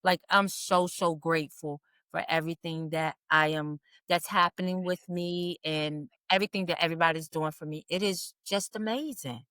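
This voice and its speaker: A woman's voice: lowish voice, steady tone, normal speed, few pauses, bright, forceful tone, clear, resonant tone, no echo, clean studio sound. A woman co-hosting a podcast, talking in an effusive, heartfelt way and repeating herself as she goes. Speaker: podcast co-host. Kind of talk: emotional casual chat.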